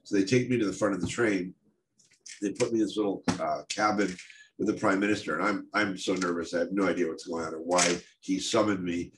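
Speaking fairly quickly in a low, steady voice, a middle-aged man from the United States shares stories from his photography career. He's candid and pokes fun at himself, using many fillers. The talk is recorded in an echoey room with a bit of faint noise.

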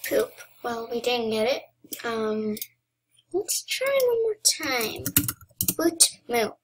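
A woman's voice: fairly high pitch, very animated, slow, a little hiss or hum. A young woman giving casual game commentary, dramatic and pleading, sometimes dropping into whispers. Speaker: gamer.

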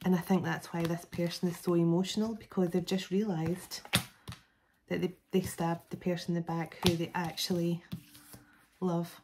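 A woman with a fairly low voice talks through a tarot reading in a loose, rambling way. She restarts her sentences often and fills pauses with fillers. Faint background hiss sits under her voice. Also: level tone. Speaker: tarot reader. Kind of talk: casual spoken tarot reading.

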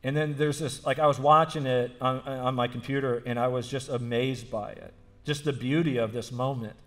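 A man's voice: mid-range voice, steady tone, moderate pace, a bit bright. Earnest male pastor preaching. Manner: earnest storytelling, repeating phrases for emphasis; frequent restarts and fillers like "like". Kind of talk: sermon.

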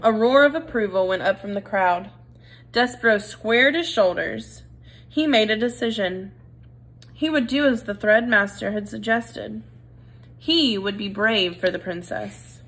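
Woman, storybook reader, bright and expressive. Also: medium pitch, a little slow, rough recording. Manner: expressive, animated. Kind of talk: reading a children's novel aloud.

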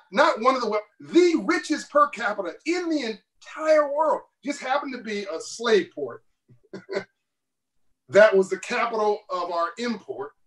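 A man with a high voice talks as an interview guest, pressing each point with emphatic bursts and short laughs. He sits away from the microphone, so the call sound is thin and distant. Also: fairly bright tone. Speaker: guest author. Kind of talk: passionate interview talk.

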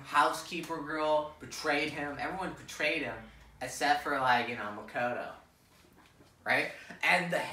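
A man's voice: mid-range voice, slight background noise. A young man giving a crude, slangy, rambling story recap to friends, acting out the characters' lines. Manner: crude slangy storytelling, animated quoted voices. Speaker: presenter of a fan lecture. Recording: echoey room, voice from a distance.

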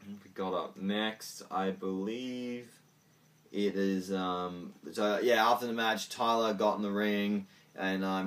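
Low-voiced excitable man reviewing wrestling. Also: recorded from a distance. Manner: excitable, swears freely, many ums. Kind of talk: casual video review.

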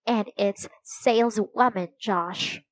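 A bossy, confident girl from a children's storybook, read by a woman. She sounds sweet but completely sure of herself. The delivery is slow and dry. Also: medium pitch, no room sound, close to an everyday voice.

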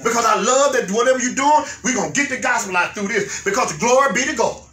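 A male pastor, preaching a fervent sermon that rises to shouts and repeats its phrases. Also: extremely high pitch, fast, slight background noise. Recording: echoey room, mic far off.

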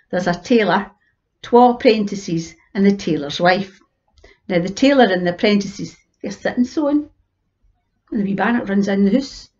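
A woman with an Ayrshire Scots accent telling a folk tale in a lively, folksy way. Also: mid-range voice, muffled recording. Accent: Scottish, Ayrshire. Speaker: storyteller. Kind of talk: animated oral storytelling.

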